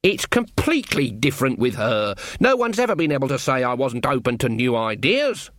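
A man's voice: medium pitch, sing-song, normal speed, fairly bright tone, dry recording, studio quality. A man voicing a stern, proud old woman witch in an audiobook, curt and firm. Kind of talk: audiobook reading.

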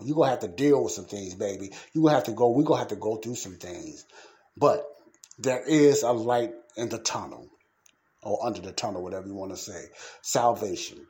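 Low, mellow-voiced man preaching casually. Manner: fervent, repetitive, shifts from ranting to soft pleading. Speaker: podcast host.

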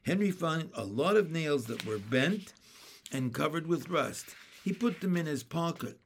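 A man reading a children's chapter book aloud as narrator. His delivery is steady and plain, at a very slow, deliberate pace, with a voice a little higher than most men's. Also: creaky, slight background noise. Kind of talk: storybook reading.

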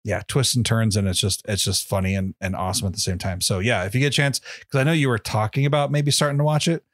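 A man's voice: lowish voice, steady tone, quick pace, no echo. Man, podcast co-host, casual rambling chat, lots of cursing, dry sound. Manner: rambling, heavy swearing and fillers.

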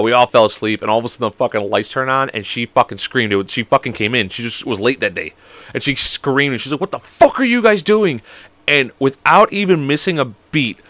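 A young man hosting his own podcast, telling high school stories in a rambling, profane way and laughing at them. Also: bright, forceful tone, no room sound. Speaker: podcast host. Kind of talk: casual storytelling monologue.

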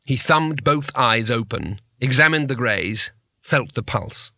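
A man reads a comic fantasy novel aloud with wry, measured timing. His voice is bright and forward, and the studio recording is dry and close. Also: mid-range voice, lively intonation, no echo. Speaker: audiobook narrator. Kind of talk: scripted narration.

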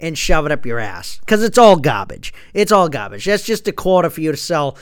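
A man's voice: on the high side, big pitch swings, fairly quick, clean tone, no room sound, studio quality. A man ranting casually and comically to his listeners, profane and full of stammered restarts. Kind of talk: casual comedic rant.

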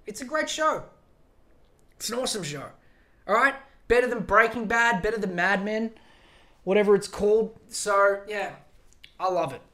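Aussie guy ranting solo on his podcast, bright and punchy, lots of swearing. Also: sits high, expressive, moderate pace, long pauses. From Australia. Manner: profane, rambling, emphatic. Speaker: podcast host.

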